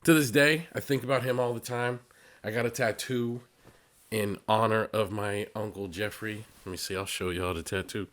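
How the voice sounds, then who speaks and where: A man's voice: on the low side, fairly even intonation, normal speed, a bit bright. A man hosting his own podcast, telling a personal story in an earnest, conversational way, often repeating words and restarting his sentences. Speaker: podcast host, psychotherapist.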